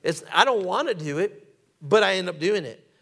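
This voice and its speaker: High-voiced man preaching a sermon. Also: lively intonation, normal speed, creaky, a bit bright. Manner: preaching with emphatic repetition and calls to the congregation; reads scripture in old-fashioned phrasing. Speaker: pastor.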